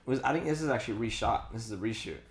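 A man's voice: mid-range voice, lively intonation, racing. A young man co-hosting a podcast, chatting casually through a movie, blunt and teasing with free swearing. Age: young adult. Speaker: podcast co-host. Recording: roomy echo.

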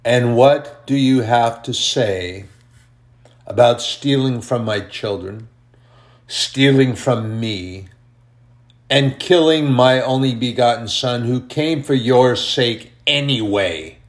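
A man voicing a booming, stern God on his throne. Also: slow pace, natural voice. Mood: stern, accusing. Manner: accusing, rhetorical questions.

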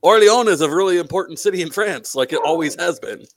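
A man hosting a podcast in casual chat. He speaks loudly, swears freely and picks playful fights. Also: sits high, animated, fast talker, no room sound. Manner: loud, profane, playfully combative. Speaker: podcast host.

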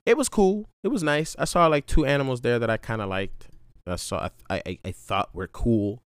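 A man's voice: mid-range voice, moderate pace, clear, resonant tone, no room sound, studio quality. A man telling a rambling story in a laid-back casual monologue, full of slang and restarts. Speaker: vlogger.

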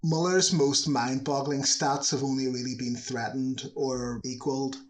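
A man's voice: mid-range voice, steady tone, a little slow. A man narrating football history in a chatty scripted style, with wry asides.

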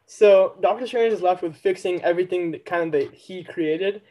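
A man's voice: sits high, moderate pace, mellow. A man co-hosting a casual podcast chat, explaining at length with lots of fillers. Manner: rambling, filler-heavy explaining. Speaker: podcast co-host. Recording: dull lo-fi mic.

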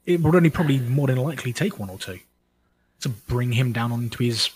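A man's voice: mid-range voice, lively intonation, a little fast, a little hiss or hum, low-quality recording. A man co-hosting a casual podcast chat, talking through monster matchups with frequent restarts and self-corrections. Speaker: podcast co-host.

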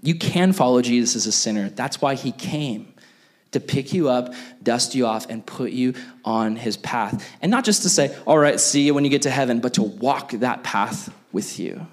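A young adult man preaching a sermon as pastor, animated and acting out the voices he quotes. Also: medium pitch, normal speed.

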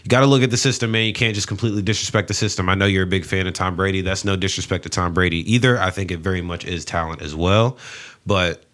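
A man talking loosely on a podcast with a friend. His voice sits very low, and he swears freely, often restarting his sentences. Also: fairly even intonation, fast talker, a bit bright. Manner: laid-back, profane, mumbling restarts. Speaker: podcast co-host. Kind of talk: casual chat.

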